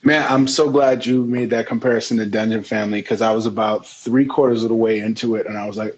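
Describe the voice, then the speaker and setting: Laid-back joking Chicago radio host. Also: male voice, fairly low pitch, steady tone, quick pace, few pauses, a little mellow, husky, muffled recording. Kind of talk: casual music talk.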